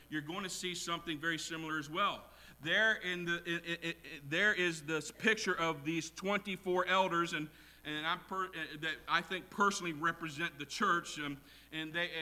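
A man preaching a sermon in a church, swinging from quiet asides to loud shouted quotes. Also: a little high. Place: church with congregation.

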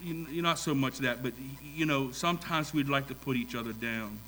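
A man's voice: medium pitch, brisk, a bit bright, slight background noise, rough recording. A middle-aged married man preaching a sermon, using repetition and rising emphasis and putting questions to his congregation. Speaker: pastor.

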